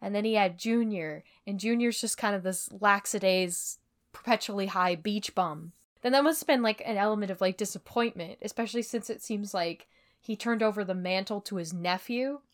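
A woman's voice: mid-range voice, moderate pace. A woman co-hosting a casual podcast, talking in a chatty, analytical way and laughing easily. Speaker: podcast co-host. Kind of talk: casual chat.

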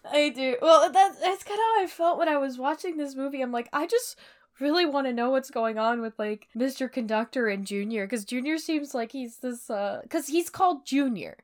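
A woman's voice: sits high, normal speed. A woman co-hosting a casual podcast, talking in a chatty, analytical way and laughing easily. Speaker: podcast co-host. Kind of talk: casual chat.

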